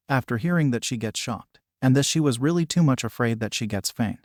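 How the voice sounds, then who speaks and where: A man's voice: mid-range voice, a little fast, few pauses, a little mellow, dry recording. Man, manga recap narrator, plain uneven read, dry close sound.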